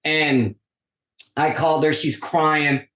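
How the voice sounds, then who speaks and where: Taking it slowly, a man with a slightly high voice relates a long story as a podcast guest in easygoing chat. He brings quoted lines to life with animation and says "like" a lot, with a roomy echo around him.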